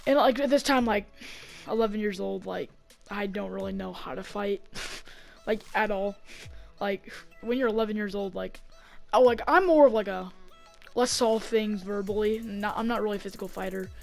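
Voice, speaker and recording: A woman telling a story in a casual vlog, rambling with lots of fillers and getting excited as she acts it out on a desk mic. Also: mid-range voice, moderate pace, creaky, soft background music. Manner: rambling, heavy on fillers, gets excited acting out the fight. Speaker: vlogger.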